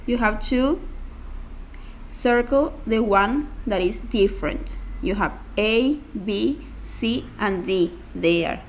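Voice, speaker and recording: A woman teaching English talks students through a set of revision exercises at a slow, patient pace. Her voice sits a little high, and she keeps checking in with "okay?" after each step. A faint hiss runs under the recording. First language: Spanish. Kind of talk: recorded class instructions.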